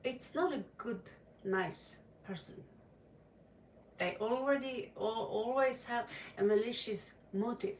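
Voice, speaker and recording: A woman with a Norwegian accent giving a tarot reading on a livestream, talking dramatically with sudden loud stresses. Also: fairly high pitch, slow pace, recorded from a distance, slight background noise. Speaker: tarot reader. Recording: echoey room, voice a bit off-mic.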